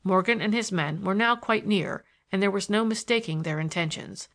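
A woman reading a novel aloud as an audiobook narrator, in an even, measured way. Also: medium pitch.

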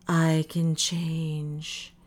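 A woman voicing a tired, frightened man who is a doctor, talking in a hushed, strained, often whispered voice. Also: deep voice, steady tone, slow pace. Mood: fearful.

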